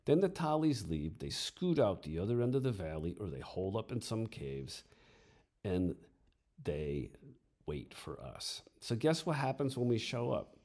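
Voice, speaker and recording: A man's voice: fairly low pitch, sing-song, measured pace, darkish tone, voice pushed up, full character voice. A man playing a weary young army sergeant. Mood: grim. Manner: frank, plain-spoken, profane. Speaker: soldier back from war.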